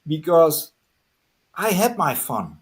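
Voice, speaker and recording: A man's voice: fairly high pitch, big pitch swings, takes it slowly, slightly rough. A man, a guest hypnotist on a podcast video call, giving direct, earnest advice and leading a hypnosis session.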